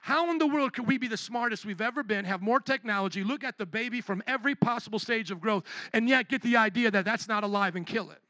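A male pastor with a high voice gives an emphatic sermon, bright and forceful, calling out to his listeners at a quick pace with few pauses. The sound is close and dry, with no room echo.

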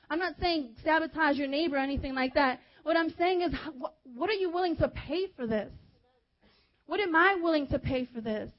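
A young woman preaching a fervent sermon, urging her listeners and dropping to a hushed tone at times. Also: sits high, dull audio. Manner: fervent, exhorting, with hushed softer stretches.

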